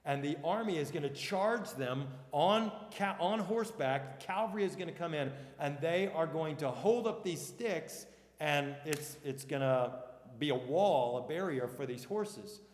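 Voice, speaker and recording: Slow-preaching man in an echoing hall. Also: on the high side, lively intonation. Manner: dramatic shifts from hushed to shouted for emphasis. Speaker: pastor. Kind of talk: sermon. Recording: echoey hall with long reverb.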